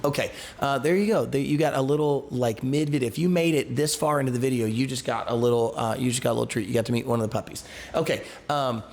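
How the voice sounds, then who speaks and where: Gravelly-voiced pastor teaching a Bible study. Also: male voice, medium pitch, quick pace, hardly any pauses, darkish tone. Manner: reads scripture, then retells it in casual everyday words; loose, conversational, with restarts and asides.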